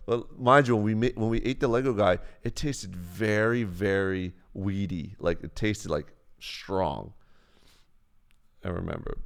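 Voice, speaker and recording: Young male streamer, low smooth voice, rambling profane storyteller. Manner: rambling, profane, acts out quotes in a raised voice. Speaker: live streamer. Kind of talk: casual storytelling on a live stream.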